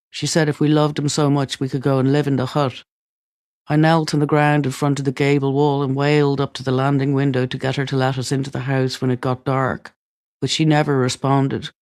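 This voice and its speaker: A man reading a memoir aloud, calm, even and unhurried, on a close studio mic. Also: medium pitch, smooth, no room sound. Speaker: audiobook reader.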